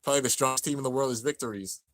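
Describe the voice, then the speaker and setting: A young man narrating an anime finale as he watches it live, excited and emotional. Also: mid-range voice, very fast. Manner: excited, narrating on-screen action, drops to near-tears murmurs. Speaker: anime reaction host. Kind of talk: live reaction commentary.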